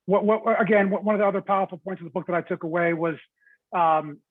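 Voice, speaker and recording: A male moderator hosting an interview, speaking in a measured way and reading out audience questions. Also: high voice, fairly even intonation, no room sound. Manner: measured, reads out audience questions with brief affirmations. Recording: thin phone-like dry line.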